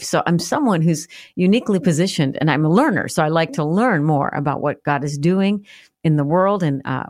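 A woman's voice: low voice, dry recording, clean studio sound. Earnest middle-aged woman telling her story. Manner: earnest, vivid storytelling that acts out remembered prayers. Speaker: guest author. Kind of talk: personal testimony in a radio interview.

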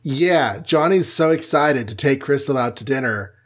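A man co-hosting a casual podcast, recapping a comic book issue with quick silly voices for the characters. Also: medium pitch, animated.

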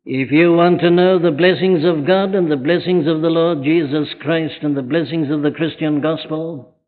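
A man's voice: a little high, phone-quality sound. A man preaching a sermon in a chapel, pressing his listeners with urgent rhetorical questions. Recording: thin archive sermon recording with long chapel reverb.

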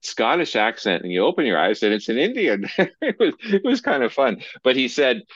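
A man hosting a podcast interview, chatty and quick to laugh. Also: medium pitch, no room sound, dull audio. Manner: lively, chatty, laughs easily. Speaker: podcast host. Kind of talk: casual interview chat.

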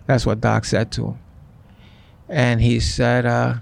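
A man in his sixties, a guest in an interview, telling stories in an animated way and acting out what others said. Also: medium pitch, slow pace, gravelly, long pauses. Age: 60s. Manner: animated, acts out quoted speech. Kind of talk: storytelling in an interview.

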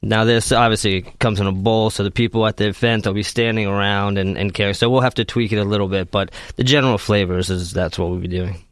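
Male executive chef, lower voice, relaxed and halting, dry studio sound. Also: no echo. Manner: easygoing, describes dishes with fillers. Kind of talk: casual interview chat.

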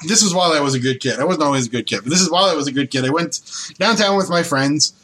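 A man's voice: fairly high pitch, racing, fairly bright tone, slightly rough, poor audio. A man from the Toronto area, hosting a casual podcast and telling rambling stories with frequent laughs. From Toronto area, Canada. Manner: rambling storyteller, laughs often. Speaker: podcast host.

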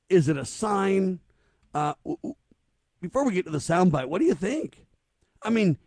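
A man's voice: sits high, dry recording, clean studio sound. A man hosting a talk show, chatting casually and joking as he puts questions to his co-hosts.

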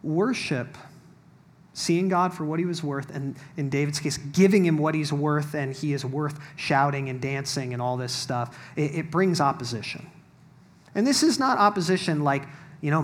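A man's voice: on the high side, moderate pace. A man giving a sermon as pastor, reading scripture and explaining it in a wry, conversational way with asides to the congregation.

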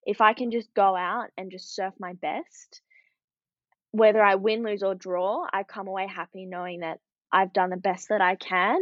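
A woman's voice: medium pitch, steady tone, normal speed, dry recording. A young woman with an Australian accent, a professional surfer chatting casually as an interview guest, upbeat and full of "like" fillers. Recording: dull, dry lo-fi recording.

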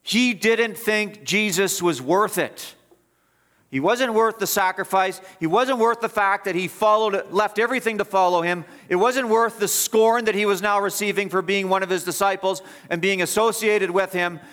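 A man's voice: sits high, moderate pace, fairly bright tone. A man preaching an expository sermon as pastor, emphatic and repeating phrases for stress.

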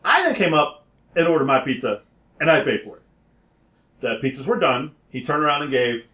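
A man telling a story in an animated way, acting out phone calls and sometimes rising to a shout. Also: mid-range voice, brisk, long pauses, echoey room.

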